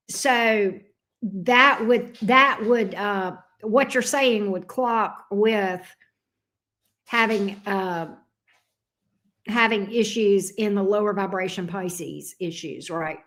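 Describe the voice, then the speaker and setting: A woman's voice: medium pitch, a bit bright. A woman tarot reader, chatting casually and playfully on her livestream with frequent fond asides. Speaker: tarot reader and channel host.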